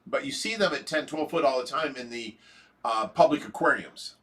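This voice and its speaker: A man's voice: medium pitch, moderate pace, bright, forceful tone. Rambling middle-aged man from Ohio. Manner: rambling, chuckling, many fillers. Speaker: livestream host. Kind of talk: casual livestream chat.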